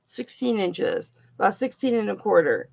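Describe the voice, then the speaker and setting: A woman's voice: medium pitch, animated, normal speed, vocal fry, a little mellow, lo-fi sound. A woman hosting a jewelry auction livestream, chatting casually and affectionately with viewers and calling them honey and baby.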